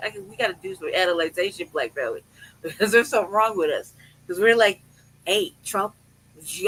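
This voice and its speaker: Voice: medium pitch, pushed and bright, low-quality recording. Podcast host ranting, swears a ton, keeps laughing, regular mid voice. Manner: profane, laughing rant that questions itself. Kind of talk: casual chat.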